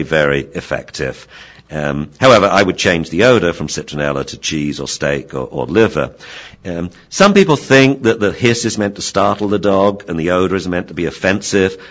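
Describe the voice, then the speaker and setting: Male radio host, very low voice, chatty dog-training talk, dull lo-fi sound. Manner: chatty, answers listener questions, imitates dogs. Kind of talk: radio talk show monologue.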